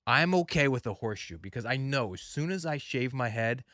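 A man's voice: mid-range voice, expressive, a little fast, fairly bright tone, no room sound, clean studio sound. A man co-hosting a casual talk show, joking, laughing often and restarting his sentences. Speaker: co-host. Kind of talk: casual banter.

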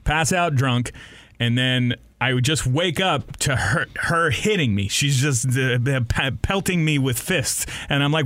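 A young radio host tells a story on a casual podcast, speaking a little slowly in a medium-pitched voice with no echo. He laughs often and brings the story alive by doing voices for the people in it.

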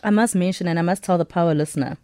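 A woman's voice: on the low side, very fast, dark tone, dry recording, clean studio sound. A woman with a South African accent hosting a radio show, chatty and upbeat, with bits of Setswana. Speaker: radio host. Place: radio studio.

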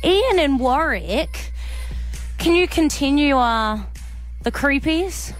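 A woman co-hosting a radio show, talking with enthusiasm and excitement. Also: sits high, takes it slowly, soft background music. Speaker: radio co-host.

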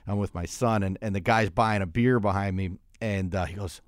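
A man's voice: low-pitched, normal speed, hardly any pauses, no echo, clean studio sound. Teasing man co-hosting talk radio. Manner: teasing, joking banter. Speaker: radio sports talk co-host. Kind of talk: sports talk radio banter.

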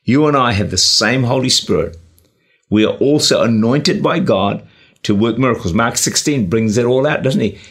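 Gravelly New man preaching. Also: medium pitch, normal speed. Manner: earnest, exhorting, with frequent 'uh' and 'you know'. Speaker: pastor and radio preacher. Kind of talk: sermon. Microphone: camera-recorded sermon.

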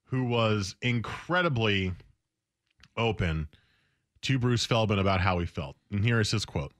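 A low-voiced man hosting a sports talk radio show, chatting in a relaxed, easygoing way. The sound is dry and close, with no room around it. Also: measured pace, dry recording. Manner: relaxed, conversational, reads quotes aloud.

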